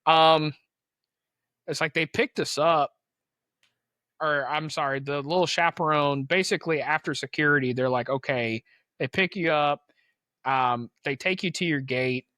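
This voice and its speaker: Young male podcast host, slightly high voice, dry close sound, slangy and animated storyteller. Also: no echo. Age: young adult. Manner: animated, slangy, acts out quoted people. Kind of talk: casual storytelling.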